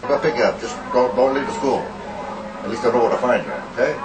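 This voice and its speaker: In an improvised comedy sketch, a man plays a crude, blustering uncle who swears heavily at a teacher. His medium-pitched voice moves at a quick pace, captured in an echoey, distant, noisy amateur recording.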